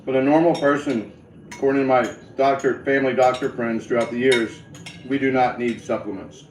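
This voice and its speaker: A man's voice: mid-range voice, steady tone, brisk. A man, chatting casually in his kitchen while eating breakfast, rambling and talking with his mouth full. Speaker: vlogger. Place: home kitchen, indoors. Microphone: camera set down nearby. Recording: roomy, from a distance, faint noise.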